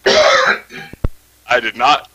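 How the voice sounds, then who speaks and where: Male player, jokey, wide swings in pitch, slow delivery, faint noise behind. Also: rough recording. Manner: laughs easily, lively, joking. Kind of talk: tabletop role-play chat.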